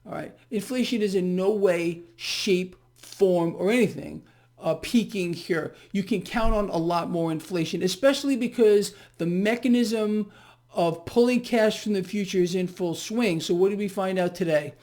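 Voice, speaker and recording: A man's voice: high-pitched, normal speed, darkish tone. A male host delivering a blunt, ranting solo commentary on the markets. He talks sarcastically and mockingly, with heavy emphasis and sudden bursts of scorn.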